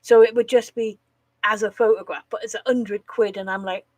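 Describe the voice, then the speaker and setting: A woman's voice: mid-range voice, steady tone, moderate pace, no echo, rough recording. A woman chatting casually on a live stream, rambling, swearing freely and laughing at her own jokes.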